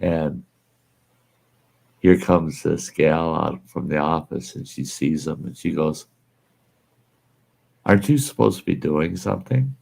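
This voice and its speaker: Deep gravelly man telling folksy stories. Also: a little slow, pauses often, a little mellow. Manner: folksy anecdote teller, laughs at his own stories. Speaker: podcast host. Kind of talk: casual storytelling chat.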